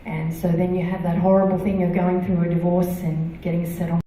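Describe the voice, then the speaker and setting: A middle-aged woman shares her personal testimony from a church stage. Her voice is mellow and dark, picked up from some distance so it sounds thin against the hall. A heavy echo fills the large room around her, and she talks haltingly, with many fillers and restarts. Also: fairly low pitch, little pitch movement. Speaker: church member giving testimony. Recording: echoey hall, voice from far off.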